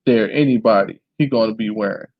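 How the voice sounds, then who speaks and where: A man's voice: lowish voice, brisk, no room sound, lightly acted. A man reading the part of a brash, boastful fourteen-year-old boy in a memoir, on a dull dry recording.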